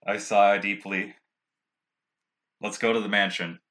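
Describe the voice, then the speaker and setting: A man's voice: fairly low pitch, flat delivery, measured pace, bright, forceful tone. A young man playing a tabletop game, speaking dryly and tersely in character. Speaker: player.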